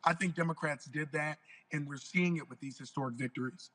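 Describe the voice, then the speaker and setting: A man's voice: on the high side, brisk, low-quality recording. A man who is losing his voice, speaking earnestly as a state representative guest on a talk show. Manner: energetic, earnest political talk. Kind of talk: live interview on a talk show.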